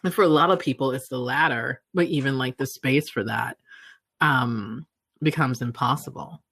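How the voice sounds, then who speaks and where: A thoughtful speaker on a podcast who works through ideas aloud, checking in with "right?" as they go. The voice is mid-pitched for its kind, and the sound is dry and close. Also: moderate pace, fairly bright tone, husky, no room sound. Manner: thoughtful, builds points with "right?" and "you know". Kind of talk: reflective conversational talk.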